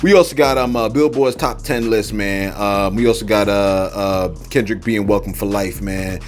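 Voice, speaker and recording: A man's voice: fairly low pitch, moderate pace, faint music behind. A man hosting a celebrity news channel, joking in casual commentary with lots of fillers. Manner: animated, joking, many fillers and repeated "man" and "look".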